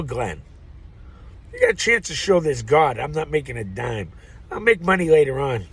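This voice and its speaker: Excitable, husky, profane American man. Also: fairly high pitch. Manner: excitable, profane, rambling with frequent bursts of shouting. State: agitated and racing. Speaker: vlogger addressing viewers. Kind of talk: rambling direct-to-camera monologue.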